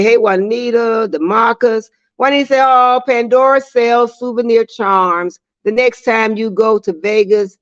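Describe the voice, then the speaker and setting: A woman's voice: mid-range voice, dry recording. Woman, livestream host, casual chat, laughs a lot, reads comments aloud, dry sound. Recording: dry, slightly dull lo-fi sound.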